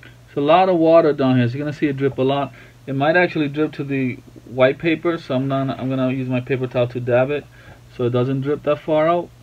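Chatty, playful dad hosting an art tutorial from home; voice sits slightly high, sound a little muffled. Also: male voice. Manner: chatty, playful, breaks off to talk to his baby. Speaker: art tutorial host and father. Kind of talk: casual drawing tutorial narration. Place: at home at a drawing table.

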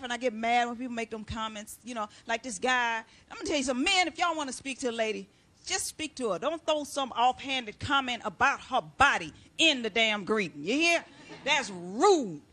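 A woman performing a stand-up comedy routine on stage, brash and sassy, shouting her punchlines. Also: high-pitched. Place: stage before a live audience. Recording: live show with crowd laughter and noise.

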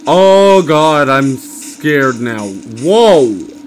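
A man's voice: medium pitch, sing-song, drawn-out words, a little hiss or hum, low-quality recording. A young man commentating a video game, panicky and exclamatory, often calling out to his viewers. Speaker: gaming video host.

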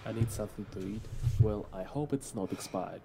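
A man plays a gruff, hungry game character with a German accent. He mutters in a low voice. The line is heard as game audio over crowd noise. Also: a little fast. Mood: uneasy.

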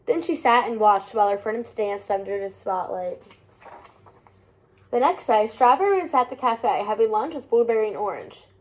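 A woman reading a children's picture book aloud as the channel host. Her narration is clear and steady, set a little high, in an easy storytime manner. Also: normal speed.

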